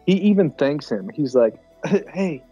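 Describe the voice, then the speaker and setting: A man trades dry, deadpan one-liners about a movie as a podcast co-host. His voice is mellow and husky, and it comes through on a dull, lo-fi recording with faint music underneath. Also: mid-range voice, measured pace. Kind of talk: casual movie-riffing chat. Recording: dull lo-fi audio.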